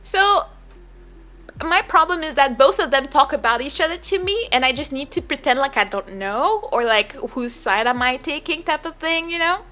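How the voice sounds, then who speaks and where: A woman's voice: sits high, lively intonation, normal speed, pushed and bright. A young adult woman streamer telling a work story in casual chat, rambling and full of filler words and restarts.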